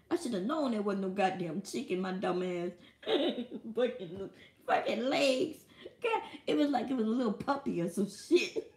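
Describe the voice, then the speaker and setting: A woman from the United States, a live streamer telling a profane, animated story and laughing often, alone in a small room at home. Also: medium pitch, reverberant. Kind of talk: casual storytelling monologue.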